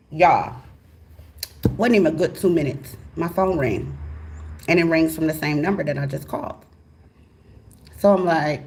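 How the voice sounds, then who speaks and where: A woman host telling a personal story to her viewers in a casual, animated and profane way, swinging between a hushed voice and a loud one. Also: mid-range voice, moderate pace, vocal fry. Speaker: tarot channel host.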